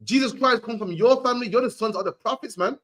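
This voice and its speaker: A man's voice: very high voice, fast talker, fairly bright tone. A man giving an emphatic preaching lecture, ending his lines with "man". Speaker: street preacher.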